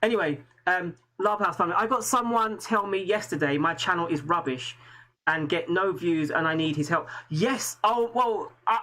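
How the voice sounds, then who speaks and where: A man's voice: high-pitched, moderate pace, sharp tone, low-quality recording. An English man hosting a live stream, talking earnestly in a rambling way with many restarts. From England. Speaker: host. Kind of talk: casual live-stream chat.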